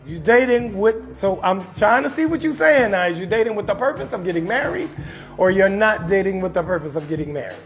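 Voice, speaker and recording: A man with a New Orleans accent hosts a live comedy talk stream in a very high, gravelly voice. He is loud and rowdy, cursing as he reads viewer comments and roasts people. Faint music plays behind him. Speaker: comedy talk show host.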